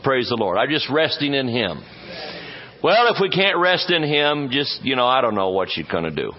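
A man's voice: medium pitch, sing-song, normal speed. A man preaching a sermon as pastor, folksy and joking, stretching words for emphasis. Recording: dull muffled audio.

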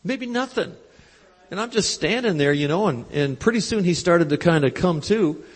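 A man preaching at a live convention, telling a story with quoted dialogue in a folksy, animated way, on a handheld mic. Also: a little high, fairly quick, breathy edge. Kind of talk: storytelling sermon. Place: large church convention hall. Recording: live hall recording with long reverb.

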